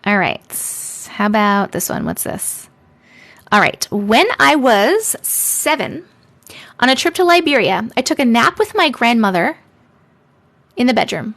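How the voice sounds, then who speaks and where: Her voice a little high and fairly bright, a woman reads viewer stories on her live stream at a moderate pace with big pitch swings. She keeps it playful and chatty with sarcastic asides, speaking into a desk microphone.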